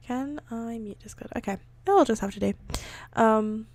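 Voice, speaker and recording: A woman's voice: on the high side, normal speed, a little mellow, no room sound. A woman streaming live, reading fan fiction aloud between casual chat. She swears freely and makes self-deprecating asides. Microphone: streaming setup.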